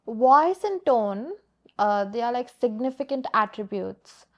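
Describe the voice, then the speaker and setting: A woman hosting a podcast interview, with a fairly high voice. She asks short, soft-spoken questions, often padding them with "like.". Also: lively intonation, unhurried. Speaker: podcast host.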